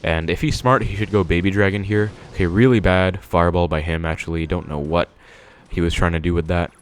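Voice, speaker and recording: A man's voice: sits low, steady tone, a little fast. A young man giving casual commentary on his own gameplay, thinking aloud with many fillers. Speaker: gaming video creator.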